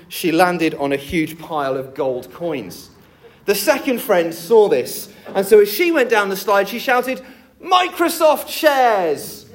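Male preacher, sermon delivery, lively and animated, a bit high-pitched. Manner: lively, jokey storytelling delivery.

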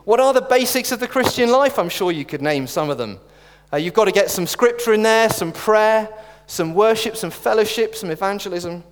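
A preacher's high voice leaps around expressively as he delivers a sermon, blending earnest conviction with wry, self-aware humor. Long church-hall reverb fills the recording.

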